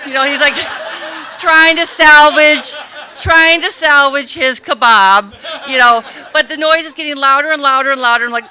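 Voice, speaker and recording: A middle-aged woman telling a comic true story live on stage, animated and self-mocking, acting out gasps and the people around her. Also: sits high, normal speed, clean tone.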